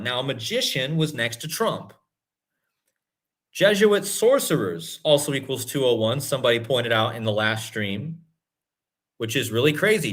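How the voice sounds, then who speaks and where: A man hosting a livestream, talking in an excited, emphatic way and repeating points for his viewers. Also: fairly high pitch. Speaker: host. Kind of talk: livestream commentary.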